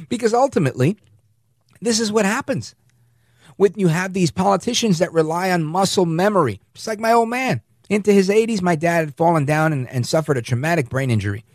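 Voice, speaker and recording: A middle-aged man hosts a political talk radio show from a studio, his voice high-pitched and fairly quick. The recording is dry and clean. He speaks emphatically, tells stories, and acts out quotes along the way.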